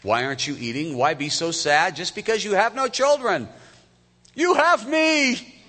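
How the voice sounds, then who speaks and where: A man voicing a husband who comforts his wife in a high, soft, coaxing tone, recorded in an echoey hall. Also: lively intonation, unhurried, a little hiss or hum, full character voice. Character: adult male husband consoling his wife.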